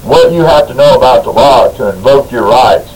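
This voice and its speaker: A man guesting on a talk radio show, spinning a rambling, folksy yarn and tripping over his own restarts. His voice sits at an ordinary middle pitch. A clear crowd murmur runs under the whole broadcast. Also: expressive, normal speed, poor audio. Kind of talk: radio talk, anecdote and legal commentary.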